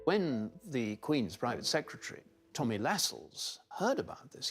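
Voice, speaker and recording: A man commenting on royal history in an interview, emphatic and animated in his telling. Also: medium pitch, moderate pace, few pauses, husky. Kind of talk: documentary interview.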